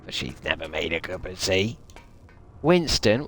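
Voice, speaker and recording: A man's voice: low-pitched, sing-song, normal speed, a bit bright. A man streaming a video game, rambling and swearing with a sarcastic edge. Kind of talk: gaming livestream commentary.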